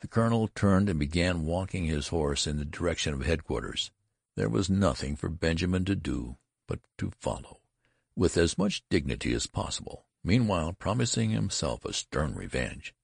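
Very deep gravelly male narrator. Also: lively intonation, normal speed, no echo, studio quality. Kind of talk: audiobook narration.

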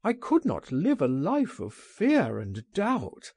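Male reader playing a frightened man, pleading, anguished, raised pitch, husky tone. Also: huge pitch swings, takes it slowly, darkish tone, no room sound, studio quality, exaggerated voice. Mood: resigned.

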